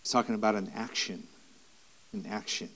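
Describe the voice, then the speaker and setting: A man's voice: lowish voice, fairly even intonation, moderate pace, fairly bright tone. A man preaching a sermon in an earnest, repetitive way, with restarts and rising emphatic stretches.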